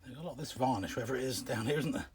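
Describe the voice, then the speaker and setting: Out of breath from bending, a man digs an old shelter in an outdoor pit and keeps up casual, chatty commentary with muttered asides that trail off. He films on a handheld camera and talks very fast at medium pitch, with slight background noise.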